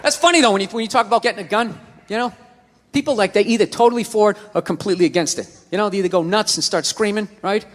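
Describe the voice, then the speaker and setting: A male stand-up comedian ranting explosively through a set, shouting at times. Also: sits high, rapid-fire, long reverb tail.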